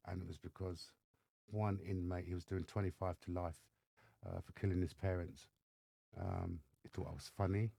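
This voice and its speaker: A man with an English accent, a podcast guest telling his life story in lively fashion and acting out the voices of others. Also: deep voice, moderate pace, gravelly, no room sound, clean studio sound. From England. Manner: animated storyteller acting out dialogue. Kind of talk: storytelling interview. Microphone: studio microphone.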